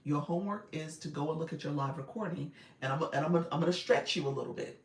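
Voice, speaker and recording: Gravelly woman coaching live from her car. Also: deep voice, fast, echoey room. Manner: chatty, direct, laughs often. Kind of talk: casual livestream coaching. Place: inside a car.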